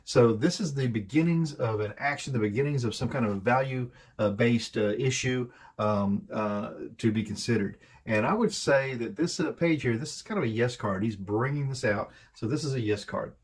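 A man's voice: medium pitch, moderate pace, few pauses, breathy edge. A man giving a casual, rambling tarot card reading, full of hesitations and fillers as he talks through each card. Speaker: tarot reader.

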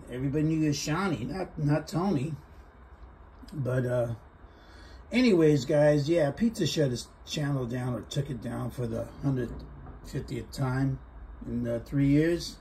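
A middle-aged man talks straight to the camera in a loose, taunting vlog. His voice is mellow and dark, and he keeps needling with "there" and "huh." A faint hum sits behind him. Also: mid-range voice, a little slow. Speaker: vlogger. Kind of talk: casual taunting monologue.

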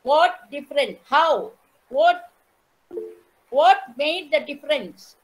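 A woman with an Indian English accent giving an online lecture, telling a story slowly and putting questions to her audience. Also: high voice, expressive, poor audio. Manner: measured, repeats phrases, asks the audience questions. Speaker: teacher educator giving an online talk.

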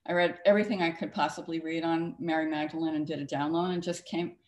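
A woman's voice: low-pitched, steady tone, fast. A woman author and cartoonist being interviewed on a talk show, talking emphatically with a storyteller's flair. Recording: echoey studio room.

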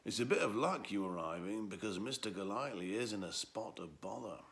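A man's voice: on the low side, expressive, brisk, a bit bright. A man voicing a small, wary male bear servant who growls his words in a storybook. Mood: gruff. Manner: growling, fussy.

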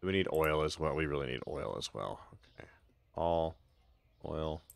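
A man with a low voice talks loosely through his gameplay on a live stream, reacting to the game and chatting with his viewers. He slips into dry, sarcastic asides. The sound is close and dry, with no room around it. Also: moderate pace, creaky, dry recording. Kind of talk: casual live gameplay commentary.

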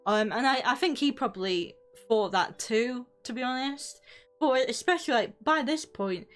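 A woman's voice: fairly high pitch, normal speed, soft background music. A young British woman streamer telling a rambling, sweary story, often breaking off mid-sentence. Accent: British English. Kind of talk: casual storytelling on a live stream.

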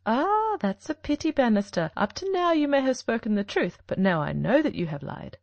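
A woman's voice: fairly high pitch, big pitch swings, moderate pace, vocal fry, darkish tone, no room sound, muffled recording, voice pushed up. A woman reading an audiobook, voicing Sherlock Holmes as a shrewd, confident male detective with an emphatic delivery. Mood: stern.

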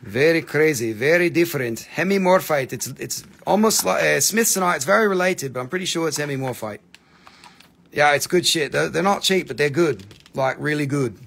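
A man's voice: on the high side, expressive, brisk, vocal fry, fairly bright tone, breathy edge. A man selling minerals on a live stream, chatting casually and rambling, tired after hours on air. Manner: chatty, rambling, puts on crazy accents. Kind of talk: casual live sales chat.

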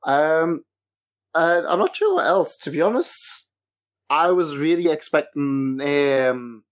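A man's voice: a little high, expressive, takes it slowly. A man hosting a casual podcast chat, hesitant with many restarts. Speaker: podcast host.

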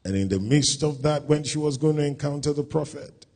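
A pastor preaching a sermon at a church service, speaking deliberately and rising to loud, emphatic scripture reading. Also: male voice, on the high side.

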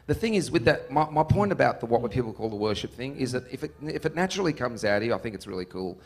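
A man, a musician being interviewed. He tells stories in an animated, joking way and laughs often. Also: medium pitch, fast. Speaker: musician guest. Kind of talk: casual interview storytelling.

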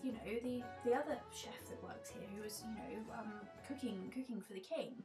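A man's voice: very high voice, a little fast, over music. A woman voicing a nervous, humble male chef who stammers and worries.

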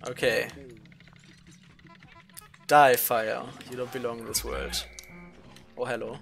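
A man streams a video game and talks over it in a loose, casual way. His voice is bright and forward. He swears freely and laughs often, and faint background music plays under him. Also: mid-range voice, level tone, slow, creaky. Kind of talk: casual gameplay commentary.

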